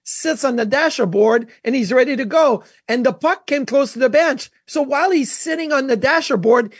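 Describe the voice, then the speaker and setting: High-voiced man telling hockey stories. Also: normal speed, slightly rough, no room sound, studio quality. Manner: storytelling, animated. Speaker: co-host, former goalie. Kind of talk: casual sports chat.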